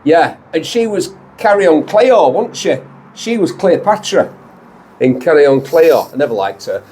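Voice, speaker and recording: A man's voice: on the high side, very animated, darkish tone, a little hiss or hum. A man with a Lancashire accent hosting a car show, chatting and joking in a moving car. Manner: jokey, rambling, quick to laugh. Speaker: host. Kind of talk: casual banter in a car.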